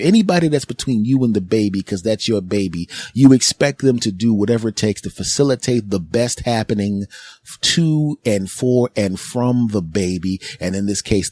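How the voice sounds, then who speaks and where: A man's voice: lowish voice, no echo. Brash man telling a story, dry sound. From Philadelphia. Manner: animated storytelling with mocking voices for quoted people. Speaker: podcast host. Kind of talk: casual comedic monologue.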